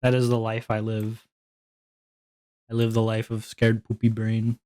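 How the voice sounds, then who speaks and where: Young male streamer, slow and rambling, self-deprecating casual chat. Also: lowish voice, monotone, dark tone.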